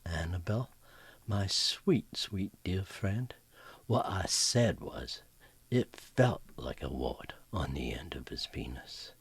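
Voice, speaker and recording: A man voicing a calm, syrupy-sweet belle who gives sly put-downs in a husky half-whisper. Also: low voice, slow, no room sound, full character voice. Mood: sweetly catty. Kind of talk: spoken joke.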